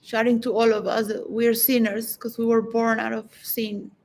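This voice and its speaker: A woman with a slightly high voice talks alone in a reflective, philosophical monologue. She rambles and pauses often, restarting her sentences as she feels her way through her thoughts. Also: level tone, a little mellow, low-quality recording. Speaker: vlogger.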